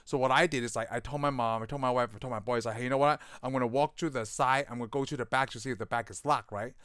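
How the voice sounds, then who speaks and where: A middle-aged man chats casually about a favorite movie, laughing often and running loose and excitable. His voice is smooth and resonant, recorded close and dry with no room sound. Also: mid-range voice, very fast, dry recording. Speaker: podcast co-host.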